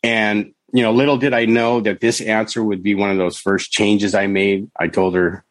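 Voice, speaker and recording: A man's voice: on the low side, level tone, normal speed, no echo. A middle-aged man telling his own story in conversation, candid and rambling, with many "you know" and "right?" asides. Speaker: podcast guest, author and counselor.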